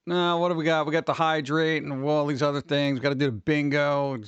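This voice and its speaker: A man hosting a casual live stream, rambling excitedly and greeting chat members by name. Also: a little high, a little fast, smooth, no room sound, dull audio. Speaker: livestream host.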